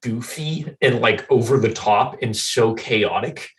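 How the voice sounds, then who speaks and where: A man's voice: medium pitch, unhurried, far from the mic. A man co-hosting a podcast, chatting casually about games in a laid-back way, laughing easily and swearing offhandedly. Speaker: podcast co-host. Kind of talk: casual gaming chat.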